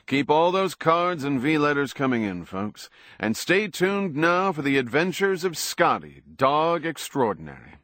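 A man voicing a smooth, self-assured male TV entertainer who speaks crisply. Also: fairly high pitch, big pitch swings, measured pace, few pauses, fairly bright tone, no echo, studio quality, voice pushed up.

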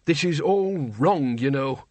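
A man voicing a pompous wizard dean who talks in a fussy, sneering way, with a raised pitch, read in a dry, close recording. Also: measured pace, a little mellow, no room sound, close to an everyday voice. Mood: complaining.

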